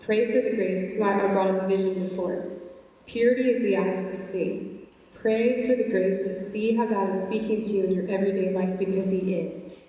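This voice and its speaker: A young woman speaks at a faith talk, earnest and animated, her speech full of casual fillers. Her voice sits at an ordinary pitch. It rings through a large hall with a long reverb tail, caught from some distance away. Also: moderate pace. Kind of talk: faith talk to a live audience. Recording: echoey hall, voice from far off.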